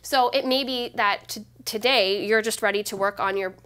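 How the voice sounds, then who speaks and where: A woman's voice: mid-range voice, moderate pace. A woman giving a live online piano lesson, explaining chords in an upbeat way while she plays and sings along. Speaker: piano teacher. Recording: loud piano playing under the voice.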